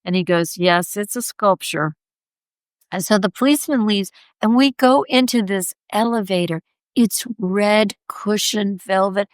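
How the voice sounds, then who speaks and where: A woman sculptor, a podcast guest, telling an anecdote and acting out the quoted voices in a higher pitch. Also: unhurried, clear, resonant tone, no room sound. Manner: animated, acts out quoted voices in a raised pitch. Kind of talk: anecdotal storytelling in conversation.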